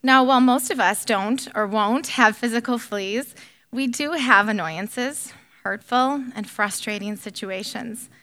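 Earnest, gentle woman leading a Bible study, with some hesitant fillers; higher voice. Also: measured pace. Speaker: women's Bible study teacher. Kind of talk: prayer and Bible teaching with read-aloud story.

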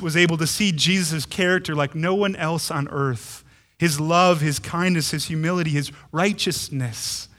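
A pastor in his thirties, his voice a little high, preaches a sermon with animated emphasis, often repeating words.

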